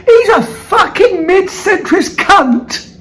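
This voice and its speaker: A woman's voice: very high-pitched, animated, slow, poor audio. A British woman hosting a vlog, ranting angrily and swearing, her voice cracking between laughter and tears. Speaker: vlog host. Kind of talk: angry ranting monologue.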